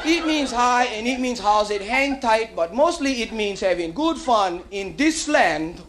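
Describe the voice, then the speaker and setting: A man's voice: extremely high pitch, measured pace. A man doing live stand-up comedy, with a Hawaiian Pidgin accent, working the crowd playfully. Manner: animated, playful crowd work with put-on voices. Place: comedy club stage. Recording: live club recording on vinyl with audience laughter and hiss. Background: audience laughing.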